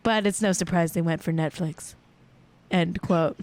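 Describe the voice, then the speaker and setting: A woman's voice: lowish voice, steady tone, a little slow, a little mellow. A woman hosting a casual celebrity gossip livestream, playful and self-mocking. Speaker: host.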